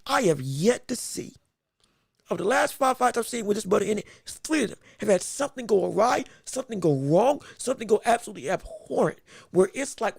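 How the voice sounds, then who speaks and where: A man hosting a boxing podcast livestream, talking casually and excitably, rambling and repeating words as he reads chat. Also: no echo, studio quality. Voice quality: high, gravelly voice.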